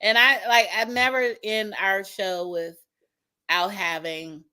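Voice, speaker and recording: A woman co-hosting a comedy podcast, tossing in quick, playful remarks. Her voice has a bright, sharp edge. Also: mid-range voice, steady tone, clear, resonant tone. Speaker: podcast co-host. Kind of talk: casual comedy podcast chat.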